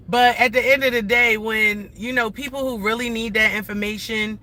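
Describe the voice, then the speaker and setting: A woman's voice: on the high side, normal speed, hardly any pauses, bright, forceful tone, slight background noise. A woman in her forties livestreaming to her viewers, talking bluntly and emphatically in slangy, rambling speech with lots of restarts. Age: 40s. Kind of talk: casual livestream talk to viewers. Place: in or near a vehicle in traffic.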